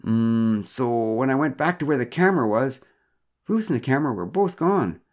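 A man's voice: medium pitch, lively intonation, moderate pace, a little mellow, voice pushed up, lightly acted. A man voicing a flustered middle-aged father who stammers and protests too much in a storybook reading.

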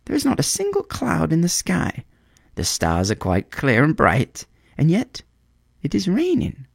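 A man's voice: on the high side, huge pitch swings, a little slow, creaky, breathy edge, dry recording, clean studio sound, voice pushed up, heavily acted. Man doing a fussy, vain little swallow. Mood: indignant. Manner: fussy and self-important.

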